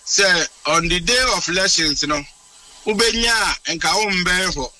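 Guy rambling through a story on radio, high and really bright, kinda far from the mic. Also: unhurried, no echo. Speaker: radio show guest telling a story. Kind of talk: casual storytelling.

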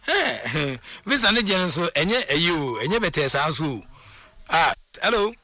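Guy hosting radio, high and super bright, laughs and sings a lot. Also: very animated, moderate pace, no echo. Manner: laughs often, breaks into snatches of song. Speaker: radio presenter. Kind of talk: lively radio call-in chat.

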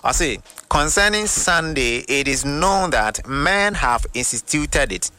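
Bright-voiced Ghanaian preacher man. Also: a little high, lively intonation, no echo. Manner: reads quotations slowly and deliberately, then explains. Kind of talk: sermon teaching with quoted readings.

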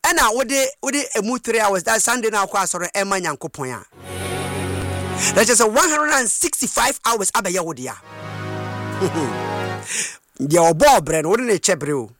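A man preaching a sermon, passionate, rising from plain speech into shouted and sing-song phrases. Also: high voice, big pitch swings, measured pace, long pauses, over music. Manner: impassioned, switching between shouting and sing-song cadence.

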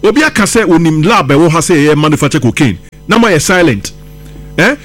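Fast-talking Ghanaian man on radio. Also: on the high side, very animated, soft background music. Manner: rapid, insistent, quick interjections. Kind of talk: radio discussion in Twi and English.

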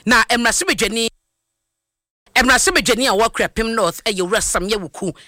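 Bright-voiced Ghanaian studio presenter. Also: medium pitch, a little fast, dry recording. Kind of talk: broadcast hosting.

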